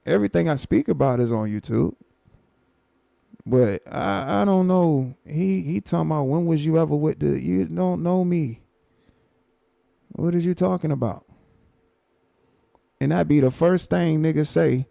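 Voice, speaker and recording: A man with a gravelly, mellow voice reacts on a live stream, repeating himself in exasperated disbelief. His sound is dry and close, with no room around it. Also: a little high, expressive, unhurried, pauses often, no room sound. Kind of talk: casual reaction commentary.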